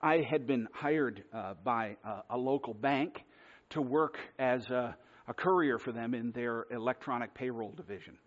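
A man's voice: medium pitch, moderate pace. A man preaching a sermon, telling a self-deprecating personal story in a conversational way. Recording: dull lo-fi sermon recording.

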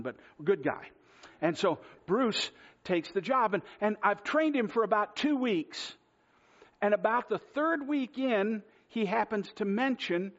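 A man's voice: high voice, a bit bright. Man preaching a conversational sermon, lo-fi. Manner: conversational storytelling, self-deprecating. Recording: dull lo-fi sermon recording.

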